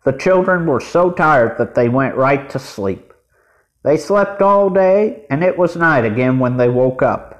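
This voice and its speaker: A man reading a children's storybook aloud as narrator, in a measured way. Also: medium pitch, animated, muffled recording. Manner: measured, deliberate.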